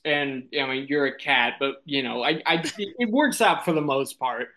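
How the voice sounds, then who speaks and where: A man's voice: fairly high pitch, expressive, a little slow, fairly bright tone. A man improvising a silly comic story, rambling and giggling, with lots of ums and restarts. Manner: rambling, giggly, many fillers.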